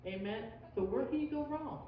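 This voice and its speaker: A woman's voice: on the high side, normal speed, a little hiss or hum. Lady teaching sunday school, folksy, says amen a lot, far off in a big echoey church, kinda muffled. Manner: folksy, emphatic, repeats amen. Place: church sanctuary. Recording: distant echoey church recording, dull.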